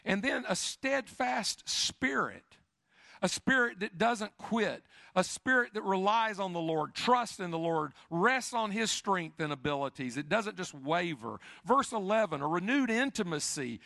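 A male pastor preaching a sermon, building repeated questions to loud emphatic peaks, then dropping to a quiet, confessional low voice. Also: animated, measured pace, vocal fry, dry recording, clean studio sound. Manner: repetitive, building lists of questions.

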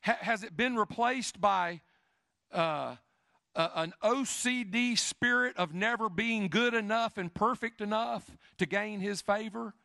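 A male pastor preaching a sermon, building repeated questions to loud emphatic peaks, then dropping to a quiet, confessional low voice. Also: unhurried, gravelly, no room sound, studio quality. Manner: repetitive, building lists of questions.

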